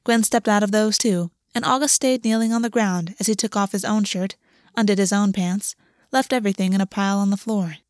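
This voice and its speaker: A woman narrating a story aloud in a steady, even reading voice. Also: mid-range voice, fairly quick, hardly any pauses, no echo, studio quality. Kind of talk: audiobook reading.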